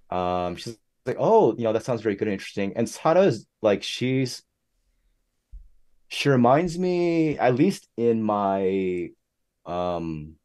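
A young man speaks as a guest on a casual podcast, telling his story with plenty of energy. His voice sits fairly low and has a warm, mellow tone. He keeps jumping up high in pitch when he acts out what other people said. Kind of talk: casual interview chat.

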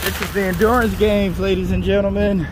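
Joking man outdoors over loud vehicle noise. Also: high voice, fairly even intonation, brisk. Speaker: reptile catcher. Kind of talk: casual chat.

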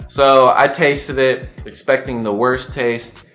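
A man's voice: medium pitch, fairly even intonation, slow pace, a bit bright, faint music behind. A young man telling a story on his vlog, slangy and profane, acting out his own past lines. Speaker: vlogger.

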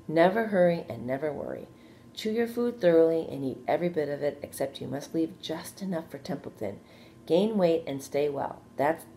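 A woman voicing a wise, steady female spider in a read-aloud storybook, gentle but firm. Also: low voice, a little hiss or hum. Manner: gentle, firm, matter-of-fact.

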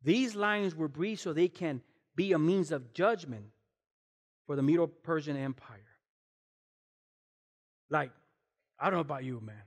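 A man with a high voice preaching in a church whose sound lingers long after each phrase. He tells stories animatedly, acts out voices, and speaks straight to his congregation. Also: measured pace, long pauses, long reverb tail. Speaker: guest pastor. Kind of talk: animated sermon.

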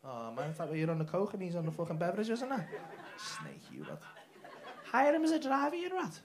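A man's voice: high-pitched, expressive, very fast. A man doing crowd-work stand-up on a comedy club stage, brash and sweary, teasing audience members. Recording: noisy live club recording. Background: audience laughter.

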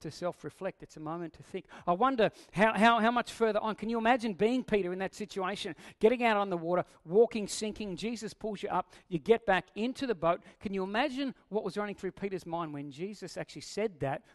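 A high-voiced pastor delivers a conversational sermon a little fast and with few pauses, questioning the listeners as he goes. He performs quoted lines in a raised voice.

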